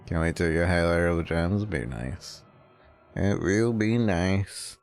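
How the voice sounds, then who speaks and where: A man streaming a game, giving relaxed, mumbling casual commentary. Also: low voice, slow pace. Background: game music.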